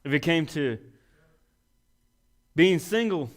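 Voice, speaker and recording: A man's voice: fairly high pitch, lively intonation, slow. Folksy young man preaching a sermon. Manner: folksy, self-deprecating, rising to emphatic peaks.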